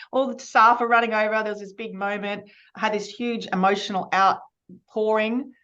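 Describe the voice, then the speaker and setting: A woman's voice: mid-range voice, steady tone, normal speed, fairly bright tone, highs cut off. A woman hosting a podcast, telling a personal story in an open, chatty way. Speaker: podcast host. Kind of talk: casual podcast intro.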